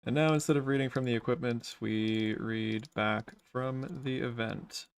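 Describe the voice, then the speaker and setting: A man's voice: medium pitch, steady tone, unhurried, clean tone. A man hosting a casual coding livestream, thinking aloud as he works and joking with a co-developer. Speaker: livestream host and programmer.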